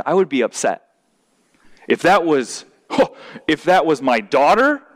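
An emphatic preacher gives a sermon, frequently repeating words when he starts over. At certain points he gets louder and higher-pitched.

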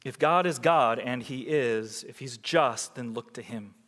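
Preaching man, echoing hall. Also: a little slow. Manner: swings from loud emphatic peaks to hushed low passages. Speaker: pastor. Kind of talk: sermon.

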